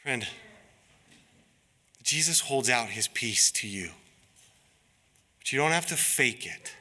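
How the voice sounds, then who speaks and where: A pastor delivers an earnest sermon, his voice very bright and forceful. He preaches at an unhurried pace and pleads with his listeners. Long reverb from a large hall trails his words. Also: medium pitch, expressive.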